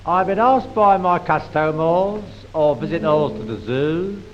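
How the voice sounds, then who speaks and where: Pompous Cockney zoo keeper lecturing slowly, a man doing the voice, old muffled recording. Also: on the high side, expressive, faint music behind. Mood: pompous lecture.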